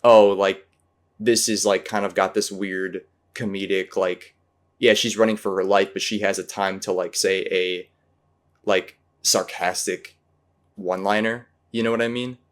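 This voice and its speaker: Rambling, low-voiced man talking movies. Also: fairly even intonation, normal speed, a bit bright. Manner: rambling, hesitant, many fillers and restarts. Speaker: podcast host. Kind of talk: casual film discussion.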